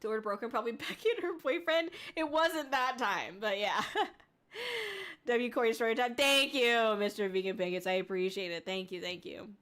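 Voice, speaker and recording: Giggly young woman streamer, fairly high voice. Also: lively intonation, normal speed, a bit bright. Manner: giggly, laughs often, rambling with fillers. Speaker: VTuber streamer. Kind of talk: casual livestream chat, reading chat aloud.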